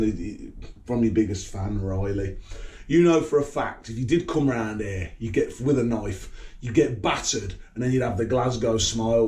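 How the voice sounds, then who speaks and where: A man's voice: medium pitch, a little mellow. A British man ranting to camera in a rambling vlog, swaggering and combative, swearing heavily. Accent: British English. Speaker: vlogger. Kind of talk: rambling profane vlog monologue.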